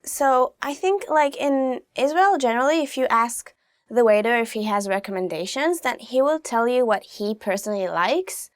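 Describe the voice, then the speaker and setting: A woman's voice: a little high, lively intonation, normal speed, no echo, studio quality. A young woman teaching useful travel phrases in a casual, chatty lesson, with frequent fillers like "like" and "you know.". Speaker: language teacher.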